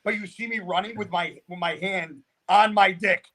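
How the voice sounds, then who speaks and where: A young man, a guest on a podcast, tells a story in a casual, profane, animated way and often laughs mid-sentence. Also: high-pitched, moderate pace. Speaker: guest, professional bodybuilder.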